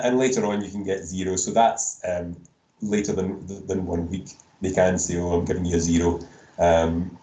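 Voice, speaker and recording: A man's voice: deep voice, mellow, echoey room, low-quality recording. A man giving a casual induction lecture to new students, rambling with lots of fillers and restarts and dropping jokes. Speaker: university lecturer. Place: online meeting recording. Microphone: computer mic on a video call.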